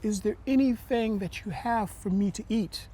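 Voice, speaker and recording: Guy doing a frail little old lady voice, high and slow, begging for food in a storybook tale. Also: mellow. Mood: pleading.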